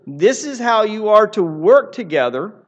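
A man's voice: high-pitched, big pitch swings, unhurried. A man preaching a sermon in an earnest, emphatic way, often repeating phrases for emphasis. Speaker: pastor.

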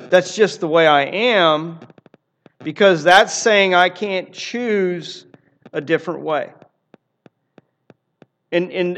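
A man's voice: high-pitched, a bit bright. A man preaching a sermon in an earnest, emphatic way, often repeating phrases for emphasis. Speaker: pastor.

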